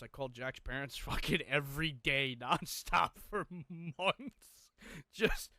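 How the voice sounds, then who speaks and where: Young man, podcast co-host, bright forceful voice, smooth and clear, swears a lot, dry close sound. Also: on the high side, no room sound. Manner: profane, intense, emotional retelling. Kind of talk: personal storytelling, casual.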